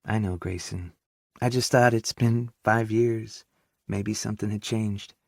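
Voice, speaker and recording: A man's voice: on the low side, steady tone, creaky, no room sound, clean studio sound, voice pushed up. A man voicing a teasing, affectionate middle-aged mother with a Southern drawl. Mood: gentle. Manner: drawn-out, playful teasing.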